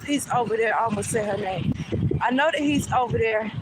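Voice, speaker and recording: A woman's voice: fairly high pitch, a little fast, heavy background noise. A woman vlogger telling a casual storytime in a chatty way, often asking "you know what I'm saying".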